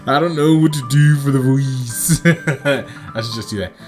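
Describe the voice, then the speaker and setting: A man's voice: medium pitch, a little slow, faint music behind. A man hosting a game playthrough, chatting with viewers and reading the story aloud, often laughing self-consciously. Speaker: let's play host.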